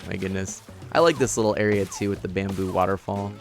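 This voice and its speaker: A man casually streaming a life-sim game, chatting and laughing as he reads chat aloud and explains his setup. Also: low-pitched. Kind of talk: casual live-stream commentary.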